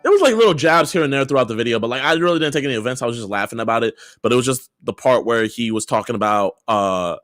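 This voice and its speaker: A man's voice: medium pitch, animated, fast, few pauses, fairly bright tone, no room sound, clean studio sound. A young man speaking as a guest on a livestream, in upbeat, rambling, earnest casual chat. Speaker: streamer guest.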